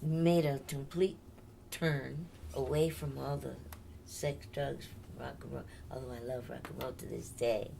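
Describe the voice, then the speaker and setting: Older woman with a deep gravelly voice. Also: steady tone, measured pace, mellow, slight background noise. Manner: candid, chatty, laughs often. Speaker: interview guest, singer. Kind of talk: casual storytelling interview.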